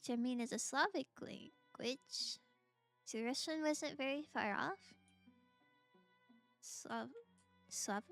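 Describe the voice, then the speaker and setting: A giggly young woman chats with her viewers while streaming a game. Her voice is high, bright and sharp. She talks slowly, with wide swings in pitch. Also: faint music behind. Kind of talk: casual gameplay chat, reacting to viewers.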